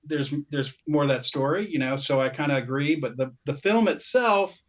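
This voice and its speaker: A man's voice: on the high side, moderate pace, slight background noise. A man co-hosting a podcast, chatting casually about his purchases, rambling and breaking off mid-sentence with frequent laughs. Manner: rambling, self-interrupting, laughs often. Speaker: podcast co-host.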